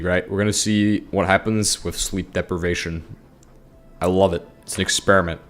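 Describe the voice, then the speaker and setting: Deep-voiced goofy rambling man. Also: fairly even intonation, moderate pace. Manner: goofy, rambling, self-mocking. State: sleep-deprived. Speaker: Minecraft gaming YouTuber. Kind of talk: rambling casual commentary over gameplay.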